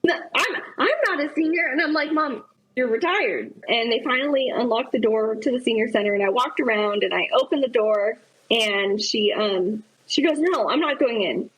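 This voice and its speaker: A woman with a high, husky voice tells a story on a podcast. She talks in an animated way and acts out each quoted line, heard over a remote call. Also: moderate pace, low-quality recording. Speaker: podcast guest. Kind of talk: anecdotal storytelling.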